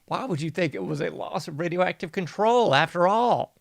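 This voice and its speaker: A man's voice: a little high, normal speed, gravelly, hardly any pauses, dry recording, clean studio sound. A man hosting a casual news commentary show, mocking and sarcastic, laughing often. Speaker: podcast host.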